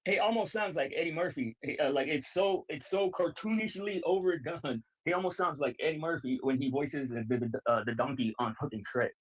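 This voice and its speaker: A man's voice: a little high, fairly quick, few pauses, breathy edge. Blunt mocking man, lo-fi stream audio. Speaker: panelist. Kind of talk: casual livestream panel chat.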